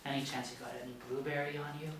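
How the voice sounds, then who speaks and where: A man's voice: medium pitch, little pitch movement, very fast, fairly bright tone, a little hiss or hum, natural voice. A man reading a cool schoolboy rebel. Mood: laid-back. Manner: laid-back, charming. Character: cool smooth-talking schoolboy troublemaker. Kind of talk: table read of a TV pilot. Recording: roomy, distant mic.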